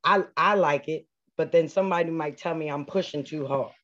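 A man's voice: on the high side, brisk, fairly bright tone. Eager man asking on a lo-fi call. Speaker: caller asking a question. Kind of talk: casual question on a video call. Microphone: video call. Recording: dull lo-fi call audio.

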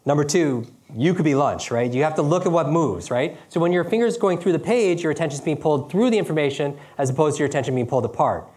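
A middle-aged man giving a lively seminar talk, quick and questioning, often asking his audience "right?". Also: a little high. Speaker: speaker teaching speed reading.

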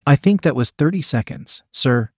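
A man's voice: medium pitch, lively intonation, moderate pace, slightly rough, no room sound, studio quality. A man voicing a submissive young woman playing a maid, speaking meekly and apologetically. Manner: meek, apologetic.

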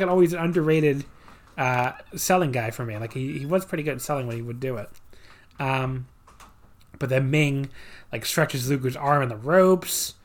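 A podcast host chatting casually through a wrestling match recap, full of sarcastic asides and filler words. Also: male voice, on the high side, fairly bright tone. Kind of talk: casual wrestling review chat.

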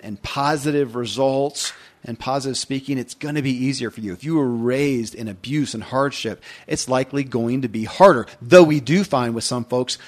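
Male podcast host, earnest motivational monologue, emphatic and casual, middle pitch.

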